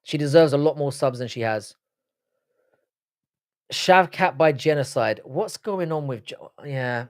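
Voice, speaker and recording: A man's voice: a little high, animated, unhurried, long pauses, no echo, clean studio sound. A man from Britain, hosting a live stream in casual chat, reading viewer comments and trading sweary, joking banter.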